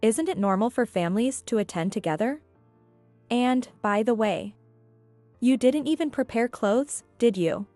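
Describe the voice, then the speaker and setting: A woman's voice: fairly high pitch, animated, measured pace, darkish tone, no room sound, soft background music. A woman voicing an angry, blaming middle-aged husband who talks in a demanding, indignant way.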